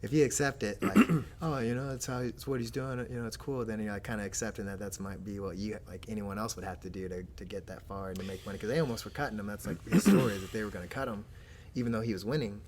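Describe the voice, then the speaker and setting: A man's voice: on the low side, fast talker, background noise. A man co-hosting a casual chat in a laid-back way, hedging his points with frequent "like". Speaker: co-host.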